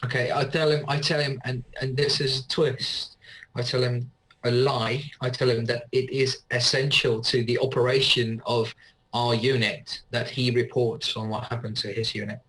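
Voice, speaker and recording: A man playing in a tabletop game, describing his character's moves in a steady, matter-of-fact way. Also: medium pitch, moderate pace, low-quality recording. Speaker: player.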